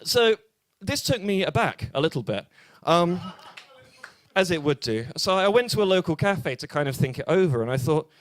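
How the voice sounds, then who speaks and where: A young man with an English accent doing a stand-up set at a small bar open mic, deadpan and hesitant with many fillers. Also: a little high, normal speed. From England. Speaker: stand-up comedian.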